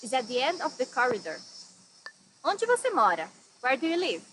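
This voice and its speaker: High bright Brazilian teacher, echoey room. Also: female voice, very animated, background noise. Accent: Brazilian Portuguese. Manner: slows down to spell out phrases and repeats them. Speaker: Portuguese teacher. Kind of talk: bright lesson presentation.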